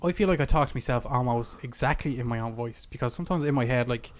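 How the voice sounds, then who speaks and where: A man with a middle-pitched voice co-hosts a casual podcast. He rambles with plenty of fillers and drifts loosely from point to point. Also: fast. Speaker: podcast co-host. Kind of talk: casual chat.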